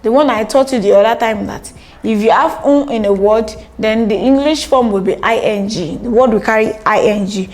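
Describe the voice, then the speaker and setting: A woman's voice: fairly high pitch, normal speed, soft background music. A woman teaching a language lesson, patiently repeating each word several times and translating it.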